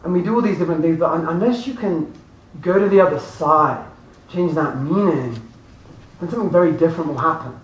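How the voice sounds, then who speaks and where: A man giving a lively motivational seminar talk to a live audience, often laughing and asking the room questions. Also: fairly high pitch, fairly quick. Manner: animated, laughing, addresses audience directly. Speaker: motivational speaker. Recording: echoey room from far off, faint noise.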